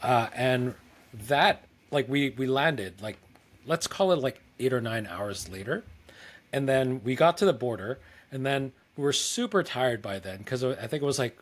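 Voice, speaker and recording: A young man on a casual podcast, spinning a travel mishap in a meandering, chatty way. He leans on constant fillers and slips into the voices of the people he quotes. His voice sits at an ordinary middle pitch. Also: lively intonation, normal speed. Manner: rambling, lots of "like", acts out quoted dialogue. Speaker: podcast co-host. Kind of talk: casual storytelling chat.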